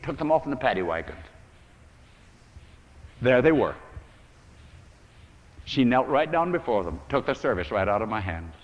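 Man preaching, lively voice, echoey hall. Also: mid-range voice. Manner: storytelling, acts out prayers, earnest. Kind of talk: sermon. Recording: dull old recording in a reverberant hall.

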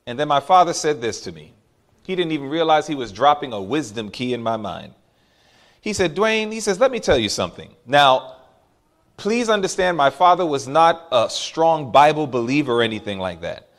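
A man's voice: on the high side, sing-song, moderate pace. A man preaching to a congregation, telling a story from his childhood and calling out to the crowd. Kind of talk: sermon.

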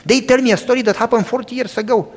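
This pastor in his sixties has a very high-pitched voice and speaks fast as he tells sermon stories. He loudly and animatedly acts out both sides of the conversations, with a long hall reverb on the recording.

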